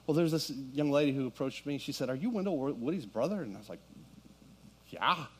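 Fervent pastor, slightly high voice. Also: male voice, animated, brisk, breathy edge. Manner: storytelling, builds to fervent preaching. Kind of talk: sermon. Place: church sanctuary with congregation.

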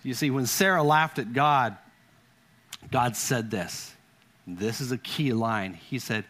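A man preaching a sermon to his church as pastor, telling stories and leading the congregation in call-and-response with rhythmic repeated lines. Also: takes it slowly. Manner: pitch swings from hushed low to raised.

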